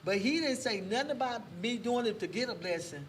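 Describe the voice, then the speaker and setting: A woman telling a faith story as a guest on a casual talk show, lively and full of church exclamations. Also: fairly high pitch, brisk. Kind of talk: testimony in a casual chat. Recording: distant mic with faint background noise.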